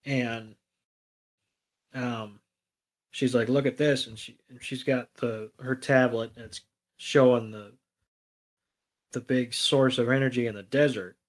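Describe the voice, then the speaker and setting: A man's voice: mid-range voice, unhurried, long pauses. A man co-hosting a podcast, casually retelling a cartoon episode with frequent ums and acted-out quotes. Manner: relaxed retelling with many ums and quoted lines. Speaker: podcast co-host.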